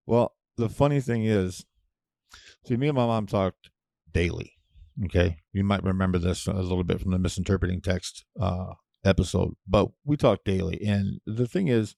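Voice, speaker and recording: Man, deep gravelly voice, profane blunt rant, dry close recording. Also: normal speed, dry recording. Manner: profane, blunt, with sudden loud outbursts. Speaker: podcast host. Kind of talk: casual ranting monologue.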